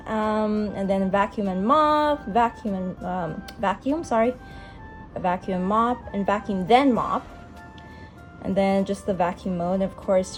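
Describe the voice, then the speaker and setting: A young woman talks through a product unboxing at home, casual and full of "um" and "like", now and then scolding her pets. Her voice sits at an ordinary middle pitch. Soft music plays faintly behind her. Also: measured pace. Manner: chatty, filler-heavy, talks to her pets. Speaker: beauty vlogger. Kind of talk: casual product review vlog.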